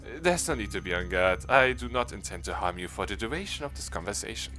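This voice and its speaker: A man voicing a formal, courteous undead mastermind in a game, speaking in a measured way. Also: fairly low pitch, animated, pushed and bright, faint music behind. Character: polite undead zombie mastermind gentleman.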